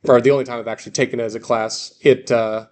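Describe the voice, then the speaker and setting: A man's voice: medium pitch, fairly even intonation, quick pace, darkish tone. A man teaching a classroom lecture in a casual, joking way, often restarting and correcting himself. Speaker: Greek teacher.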